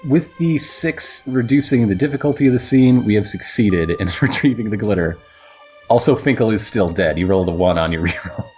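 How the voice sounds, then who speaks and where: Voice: mid-range voice, expressive, fairly quick, muffled recording, soft background music. Matter-of-fact game master. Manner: matter-of-fact, checking rules. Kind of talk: running a tabletop game.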